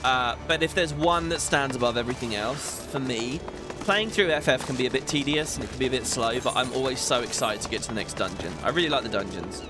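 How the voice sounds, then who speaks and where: Over game music, a man with a mid-range voice talks quickly while hosting a casual let's-play video. He chats and rambles as he plays, laughing now and then.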